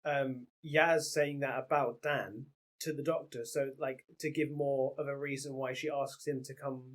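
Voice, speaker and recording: A young man, co-hosting a casual review podcast, chatting loosely with laughs and quick asides. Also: mid-range voice, little pitch movement. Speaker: co-host reviewer.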